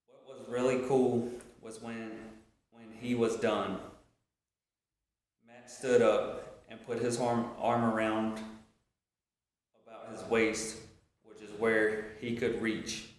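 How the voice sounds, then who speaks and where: A man reciting a speech as a story, in a slow, halting way with frequent restarts, recorded on a webcam. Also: on the low side, level tone. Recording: very echoey room.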